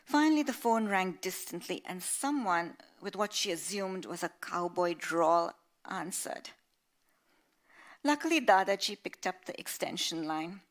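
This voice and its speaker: A woman author reads from her novel to listeners, her voice a bit low. She is measured and expressive, shaping each sentence with care. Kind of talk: literary reading aloud.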